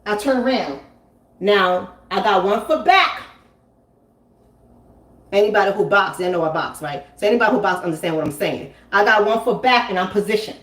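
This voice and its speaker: A woman hosting a live stream, telling a story and answering chat in an animated, emphatic way, often repeating lines for effect. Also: medium pitch, moderate pace, reverberant. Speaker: relationship coach and channel host.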